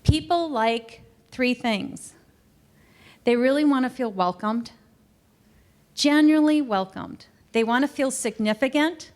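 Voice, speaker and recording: A middle-aged woman giving a customer service training talk in a conversational, animated way, acting out quoted exchanges. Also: sits high, measured pace, long pauses. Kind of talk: training presentation. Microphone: recorded to camera.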